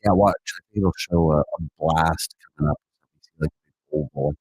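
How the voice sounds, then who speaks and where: A man's voice: extremely low pitch, fairly even intonation, normal speed, darkish tone, husky, no room sound. A man co-hosting a casual chat, laid-back, with many fillers and casual swearing. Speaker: co-host.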